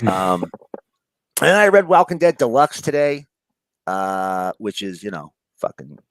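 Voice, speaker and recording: A man's voice: lowish voice, big pitch swings, measured pace, a little hiss or hum, poor audio. A man from New York with a New York accent, chatting casually about comics with lots of fillers, profanity and laughter. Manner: rambling, profane, laughs often, many fillers. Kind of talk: casual chat.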